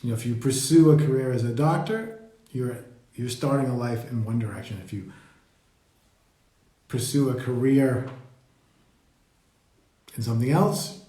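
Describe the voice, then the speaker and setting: A man leading a live meditation talk, speaking slowly and reflectively and greeting viewers as they join. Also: medium pitch, warm tone. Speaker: meditation teacher. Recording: roomy echo.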